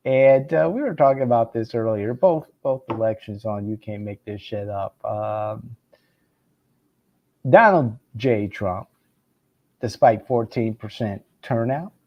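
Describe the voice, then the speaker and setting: Slow sarcastic male political commentator. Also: medium pitch, lo-fi sound. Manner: sarcastic, stammering restarts, laughs mid-sentence.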